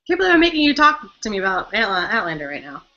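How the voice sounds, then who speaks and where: A woman's voice: medium pitch, sing-song, racing, pushed and bright. A young woman co-hosting a casual live-stream fan chat, chatty and giggly, easily distracted. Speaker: co-host of a fan chat show. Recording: dull lo-fi webcam audio.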